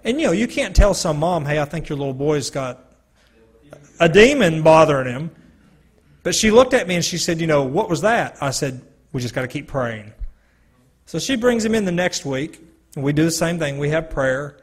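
Husky-voiced man telling a testimony. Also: on the high side, expressive, moderate pace. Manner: earnest storytelling with quoted dialogue. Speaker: speaker giving a testimony. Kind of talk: personal testimony talk. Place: church hall or meeting room. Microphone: handheld or stand mic, sometimes stepping away.

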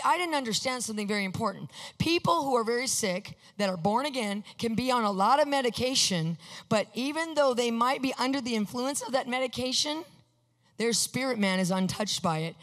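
Female preacher, animated storyteller, slightly high voice, big reverberant hall. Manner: animated, acts out her own reactions. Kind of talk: sermon telling a personal story.

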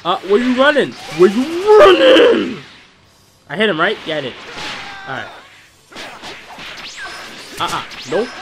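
A man commentating his own video game, hyped and loud, yelling and cursing at the characters on screen. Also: sits high, very animated, moderate pace, pauses often, noisy background. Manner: hyped, profane trash talk; yells at the screen. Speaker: gamer. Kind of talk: let's play commentary.

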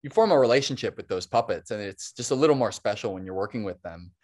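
A man's voice: lowish voice, animated, quick pace, darkish tone. Chatty, long-winded male animator guest. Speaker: stop motion animator, podcast guest. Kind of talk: casual interview chat.

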